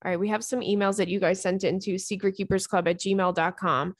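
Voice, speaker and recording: A woman's voice: medium pitch, little pitch movement, a little fast, dry recording, studio quality. Frank, foul-mouthed young woman host. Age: young adult. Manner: frank, chatty, swears freely. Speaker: podcast host. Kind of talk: casual chat.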